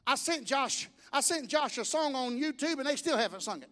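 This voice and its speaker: Man preaching a sermon with a very high voice, storytelling and exhorting. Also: animated, brisk. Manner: storytelling and exhorting, rising to shouts. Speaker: pastor.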